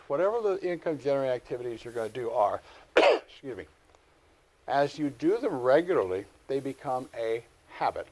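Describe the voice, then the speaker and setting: A middle-aged man teaching a live real estate class, lecturing with folksy stories and animated asides. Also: mid-range voice.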